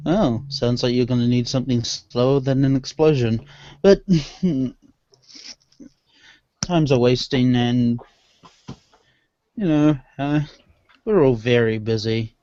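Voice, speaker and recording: A man plays his character at a tabletop game, talking in a slow, deliberate way with small laughs. The sound is dry and close. The recording itself is dull and lo-fi. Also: mid-range voice, warm tone, no room sound. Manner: slow, laughs between lines. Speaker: player.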